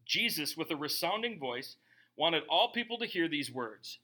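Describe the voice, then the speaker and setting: Animated preacher man with a bright voice. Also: on the high side, moderate pace. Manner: animated, emphatic preaching with rhetorical "right?" asides. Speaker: pastor. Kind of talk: sermon.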